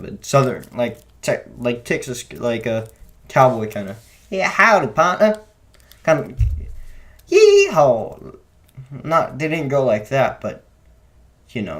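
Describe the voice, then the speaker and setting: A young man giving a casual, unscripted film review, rambling with many restarts and self-corrections. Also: mid-range voice. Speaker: movie reviewer.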